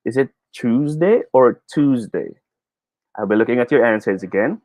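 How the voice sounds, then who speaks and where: A man with a Filipino English accent runs a live online speech lesson and reads his viewers' comments aloud. His voice sits at an ordinary mid pitch, and he sounds lively and quick to laugh. The sound is dry and close, with no room echo. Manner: lively, laughs often, mixes Tagalog into English. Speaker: teacher hosting a live online speech class.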